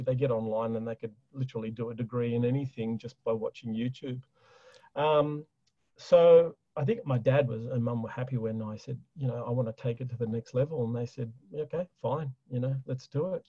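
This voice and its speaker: A man's voice: medium pitch, mellow, no room sound, highs cut off. A middle-aged man, from Australia, talking enthusiastically about his family business as an interview guest. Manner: enthusiastic, chatty, frequent fillers and laughs. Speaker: guest, chocolate business owner. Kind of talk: casual interview talk.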